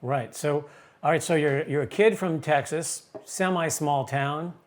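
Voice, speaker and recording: Chatty podcast host guy, kinda high voice, cracks jokes and interrupts. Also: measured pace. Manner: animated, jokey, cuts in. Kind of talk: casual interview chat.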